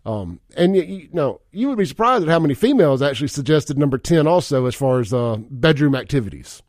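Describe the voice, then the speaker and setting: Man, radio talk host, casual, chuckling, reads listener texts, middle pitch, dry studio mic. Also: expressive, brisk, a little mellow, no room sound. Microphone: studio microphone.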